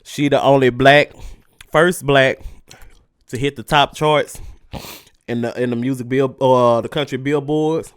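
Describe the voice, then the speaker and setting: A man's voice: medium pitch, fairly even intonation, measured pace, long pauses, clean tone, no echo, clean studio sound. A man hosting a solo podcast, ranting casually and profanely with heated energy while his mouth burns from spicy food. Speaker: podcast host.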